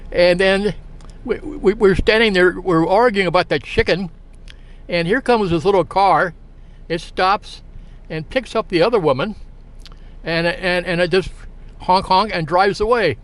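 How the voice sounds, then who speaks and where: A man telling a long, halting anecdote in a casual, rambling way, full of fillers and restarts. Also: high voice. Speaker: storyteller.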